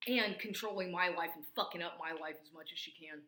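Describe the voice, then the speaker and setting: A woman's voice: lowish voice, fairly quick, sharp tone, echoey room, slight background noise. A woman venting in an angry, rambling personal rant, swearing constantly. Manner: profane, rambling, agitated. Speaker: vlogger.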